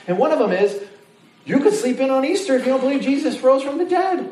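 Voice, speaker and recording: A man's voice: extremely high pitch, fairly quick. A man preaching a sermon in a casual, joking way, acting out the voices of his listeners. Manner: animated, jokey, acts out voices of listeners. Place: church sanctuary. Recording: roomy, distant mic with faint noise.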